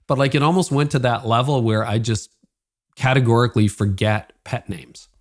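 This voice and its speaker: A man's voice: medium pitch, normal speed. A man hosting a podcast, chatting casually, telling self-deprecating stories and asking his guest questions. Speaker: podcast host. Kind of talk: casual interview chat.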